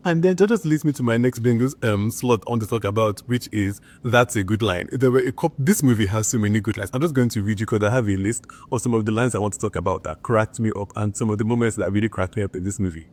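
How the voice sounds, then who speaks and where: A man's voice: lowish voice, fast talker, hardly any pauses, darkish tone. A man chatting enthusiastically in a casual movie review, filling his talk with "like". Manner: chatty and enthusiastic, with frequent filler "like".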